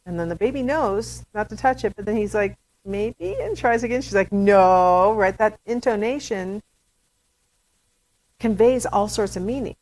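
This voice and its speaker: A university lecturer gives a recorded lecture to students in a chatty manner full of playful asides, even acting out baby talk for demonstrations. Her mid-range voice is a little mellow and moves at normal speed, though the recording is rough.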